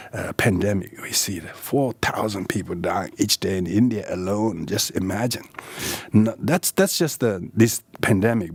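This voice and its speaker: Older male lama, low voice, laughing storyteller. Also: husky, no echo. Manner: laughs often while telling, halting restarts. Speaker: lama, meditation teacher. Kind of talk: dharma talk, storytelling.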